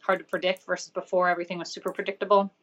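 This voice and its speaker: A woman's voice: fairly low pitch, little pitch movement, very fast, a bit bright. A woman co-hosting a podcast, chatting casually with a dry, sarcastic edge. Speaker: podcast co-host and business owner. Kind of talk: casual discussion.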